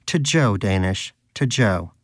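A man's voice: on the low side, lively intonation, slow pace, no echo, clean studio sound. A man voicing a pious, anxious male pet rodent who lectures in a preachy, indignant way.

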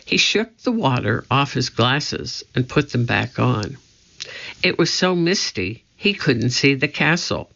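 An audiobook narrator reads a storybook in a measured, deliberate way. The pace is very slow and the tone bright with gravelly fry. The recording sounds dull and lo-fi. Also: medium pitch, big pitch swings.

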